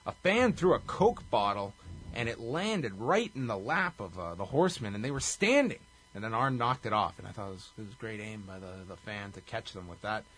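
A man's voice: fairly low pitch, animated, normal speed, fairly bright tone, a little hiss or hum. A man hosting a casual chat, recapping events in detail. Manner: recaps events in detail, briefly acts out quotes. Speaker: podcast host.

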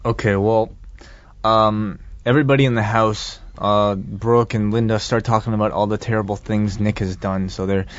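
A man's voice: lowish voice, steady tone, normal speed, lo-fi sound. A man co-hosting a casual chat, recapping a film scene in a rambling, exasperated way. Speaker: podcast co-host reviewing a film.

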